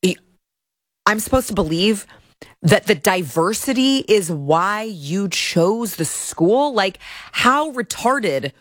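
A Texan woman hosts a political commentary livestream, ranting indignantly and stumbling over restarts as she gives her opinions. Her medium-pitched voice comes through in studio quality with no room sound.

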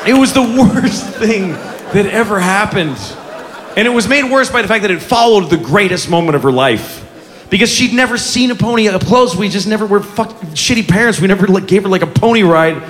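A middle-aged man performing stand-up comedy, telling an animated story with swearing and acted-out voices, on a club stage with a handheld microphone. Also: sits high, fairly quick, long reverb tail, some chatter behind. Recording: live club with laughing audience.

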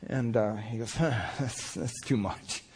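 A pastor preaching a sermon in a folksy, storytelling way, with many fillers and repeated words. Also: male voice, mid-range voice, takes it slowly, darkish tone, husky.

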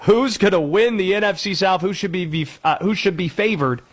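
A man with a Cajun accent hosting a sports talk radio show, loud, excitable and jokey. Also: fairly quick, slightly rough, dry recording. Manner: loud, excitable, jokey, swings pitch for emphasis.

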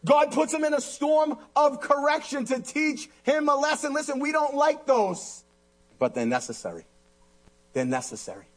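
A man preaching a sermon as pastor, impassioned and repetitive, swinging between loud urging and hushed intensity. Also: very high-pitched. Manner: repeats phrases for emphasis.

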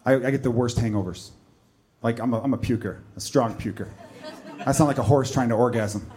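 Fast-talking self-deprecating comic man. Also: mid-range voice, very noisy. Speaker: stand-up comedian. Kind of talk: stand-up comedy.

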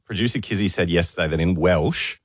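A man's voice: deep voice, a little fast, slight background noise. A man co-hosting a radio show and chatting enthusiastically. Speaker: radio co-host. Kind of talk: casual banter.

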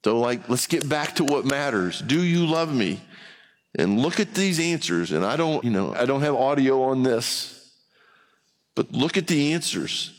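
A man's voice: mid-range voice, lively intonation, a little slow, big-room sound. A man preaching a sermon in a church, talking to the congregation in a conversational way and acting out other people's voices. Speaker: pastor.

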